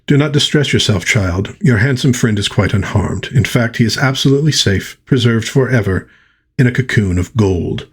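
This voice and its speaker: A man's voice: mid-range voice, moderate pace, close to an everyday voice. A man doing a genteel French seductress. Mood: soothing. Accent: put-on French. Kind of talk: dramatic comic book reading.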